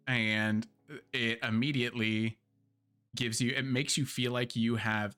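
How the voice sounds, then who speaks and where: Bright-voiced chatty male streamer. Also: lowish voice. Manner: chatty, lots of fillers, candid with swearing. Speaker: streamer and host. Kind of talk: casual live-stream game review.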